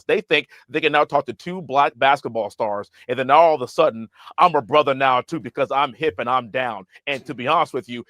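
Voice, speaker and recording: A man's voice: mid-range voice, a bit bright, no room sound. Emphatic man with a dry, close sound. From United States. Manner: emphatic, impassioned. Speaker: congressman guest. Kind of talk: political interview.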